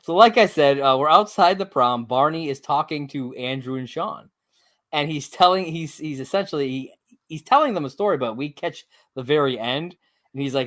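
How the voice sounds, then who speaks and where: A man co-hosting a podcast, recapping a TV episode in casual chat, halting with many uhs and laughing often. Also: a little high, animated, fairly bright tone. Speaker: podcast co-host.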